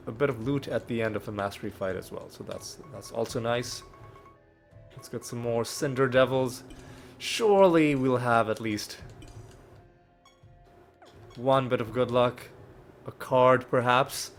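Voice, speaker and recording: Speaking at a measured pace with frequent pauses, a medium-pitched man hosts a let's play, casually commenting on a video game and thinking aloud at his desk mic. He has a cold and coughs now and then, and faint game music plays in the background.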